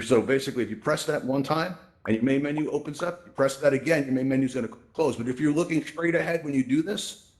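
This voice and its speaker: A man's voice: mid-range voice, a little mellow. A man hosting a live virtual reality event, explaining headset tips casually and peppering his talk with "right?" and "you know". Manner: conversational, lots of "right?" and "you know" fillers. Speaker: event host and presenter. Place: virtual reality social space.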